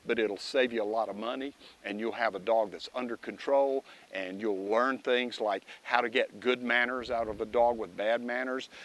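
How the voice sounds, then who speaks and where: A man's voice: mid-range voice, a bit bright. Folksy man training his dog. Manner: folksy, talks directly to his dog while teaching. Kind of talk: casual instructional video.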